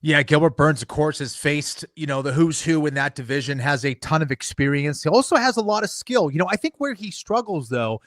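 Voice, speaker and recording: A man giving measured fight picks as a podcast co-host, with "you know" and "um" fillers. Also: a little high, lively intonation, fairly bright tone, no echo, clean studio sound. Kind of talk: casual podcast analysis.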